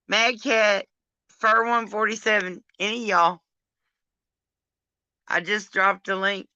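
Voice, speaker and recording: A woman's voice: medium pitch, fairly even intonation, takes it slowly, pauses often, bright, forceful tone, smooth, no room sound, lo-fi sound. A drunk woman hosting a casual live chat, rambling, affectionate and crude as she calls on her friends. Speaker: live stream host.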